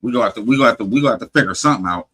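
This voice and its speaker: Bright husky man telling a story. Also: medium pitch, racing, rough recording. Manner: animated, swears heavily, restarts often. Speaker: podcast host. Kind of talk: casual profane storytelling.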